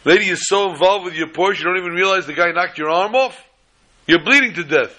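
An exasperated police officer, put on by a man. His bright, somewhat raised voice sounds incredulous and pleading. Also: high voice, brisk, voice pushed up.

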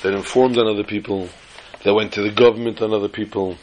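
A man teaching an informal Torah class, telling jokes and stories with lively jumps in pitch for emphasis. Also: fast talker, highs cut off, a little hiss or hum. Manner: animated storyteller who jumps to high pitch for emphasis.

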